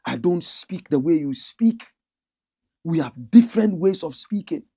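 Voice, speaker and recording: An impassioned middle-aged man with a Ghanaian accent delivers opinion commentary as a show host. His voice sits a little high and has a gravelly edge. He swings his pitch widely, slipping into mimicry of the people he describes. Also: expressive, unhurried, mellow.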